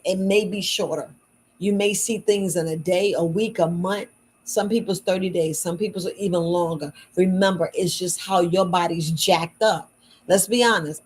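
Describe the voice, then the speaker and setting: A tired, worn-out woman chatting late at night in a low voice. She talks casually to her viewers as a shop owner, repeating words for emphasis in folksy phrasing. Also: slightly rough, rough recording. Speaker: herbal shop owner selling wellness patches. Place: at home at night.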